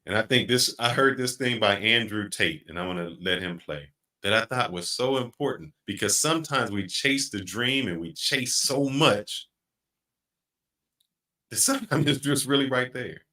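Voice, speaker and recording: A middle-aged man hosting a podcast, speaking in an earnest, reflective way and slowing down to stress his points. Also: mid-range voice, animated, pushed and bright. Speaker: podcast host. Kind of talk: casual podcast chat.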